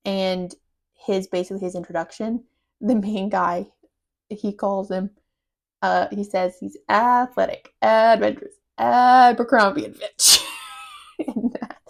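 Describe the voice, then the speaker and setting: A young woman in her twenties hosting a casual chat, telling movie plots in a chatty, animated way with laughs. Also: mid-range voice. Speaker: podcast host.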